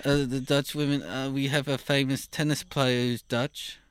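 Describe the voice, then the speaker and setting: A man from Mozambique co-hosting a casual chat, speaking haltingly with many restarts and short agreeing replies. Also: mid-range voice, level tone, clean tone, no echo. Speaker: co-host.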